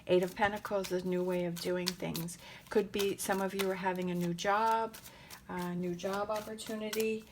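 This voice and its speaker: A woman giving a casual tarot reading in a gentle, rambling and emotional way, with many pauses and fillers. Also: medium pitch, level tone, background noise. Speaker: tarot reader.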